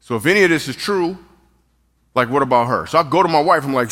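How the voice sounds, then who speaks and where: A middle-aged man preaching a humorous sermon, animated and jokey, acting out what people said. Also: a little high, quick pace. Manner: animated, jokey, acts out quotes. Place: church hall. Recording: long hall reverb.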